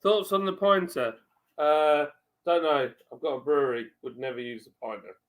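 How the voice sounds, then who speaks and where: A man hosting a casual live-stream chat, talking in animated banter. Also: a little high, moderate pace.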